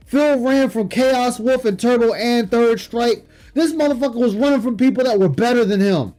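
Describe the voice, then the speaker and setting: High-voiced man on a profane stream rant. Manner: profane, scornful, shouting in bursts. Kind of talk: heated late-night stream rant. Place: home streaming setup.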